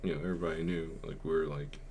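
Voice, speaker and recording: A man's voice: very deep voice, little pitch movement, fast, vocal fry, background noise. A young man hosting a podcast, telling a personal story in a rambling, subdued way, full of filler words. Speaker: podcast host. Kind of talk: casual storytelling.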